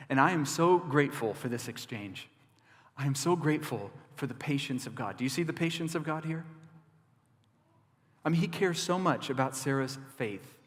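A male pastor delivers an animated, emphatic sermon with conversational asides in a church. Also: medium pitch, moderate pace, big-room sound.

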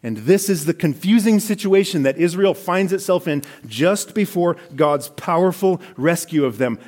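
A man's voice: high voice, a little mellow. A man giving a sermon, reading scripture passages aloud and commenting on them in a conversational preaching tone. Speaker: pastor.

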